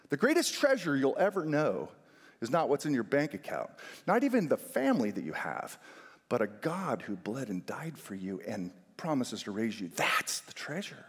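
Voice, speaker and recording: Animated man preaching in a reverberant hall. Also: breathy edge. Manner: emphatic, stresses single words with big pitch swings. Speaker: pastor. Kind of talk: sermon.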